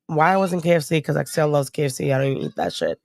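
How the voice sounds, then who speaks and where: A woman's voice: low voice, very fast, gravelly, dry recording. Blunt, profane woman chatting, dry close mic. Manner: blunt, profane, animated storytelling. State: recovering from a cold. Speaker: stream guest. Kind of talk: casual chat.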